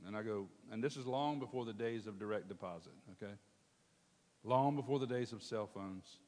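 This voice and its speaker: A man preaching a storytelling sermon, animated and calling out to his congregation. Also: on the low side, moderate pace. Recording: long hall reverb.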